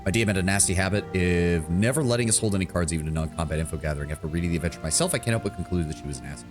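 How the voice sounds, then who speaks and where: A man's voice: low-pitched, rapid-fire, over music. A man streaming a fantasy game, casually and wryly chatting with viewers between story readings. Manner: casual, wry, talks to chat.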